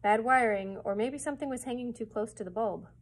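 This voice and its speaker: A brisk, blunt city fireman from a storybook, voiced by a woman reading aloud. He talks in short, plain questions with a slightly husky tone. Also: on the high side.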